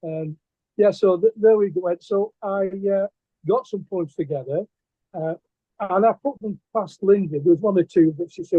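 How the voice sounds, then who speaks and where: A man's voice: sits high, steady tone, a little slow, no room sound. Older man on a tinny line. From England. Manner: rambling, hesitant, with many fillers and restarts. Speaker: guest artist and poet. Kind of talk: casual interview storytelling. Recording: dry, tinny phone-like line.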